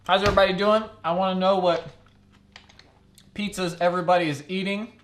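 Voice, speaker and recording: A man's voice: sits high, fairly even intonation, brisk, fairly bright tone, slight background noise. A young man chatting casually on a live stream at his computer, rambling and often laughing.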